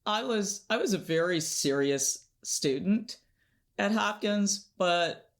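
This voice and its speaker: Interview guest: woman, animated storyteller, measured unhurried delivery. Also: mid-range voice. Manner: animated storyteller, laughs often, acts out quotes.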